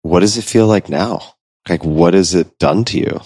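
A male interviewer asking a question in a calm, measured way. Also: sits low, breathy edge, no echo.

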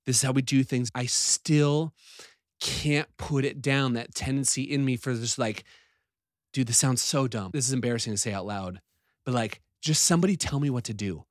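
A man's voice: medium pitch, moderate pace, dry recording, clean studio sound. A man hosting a podcast, talking candidly and self-deprecatingly with lots of casual fillers. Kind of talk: casual conversation.

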